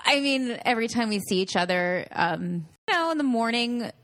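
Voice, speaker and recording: A woman's voice: a little high, lively intonation, normal speed, fairly bright tone, no echo. A woman guest in casual podcast chat, candid and giggly, with lots of fillers.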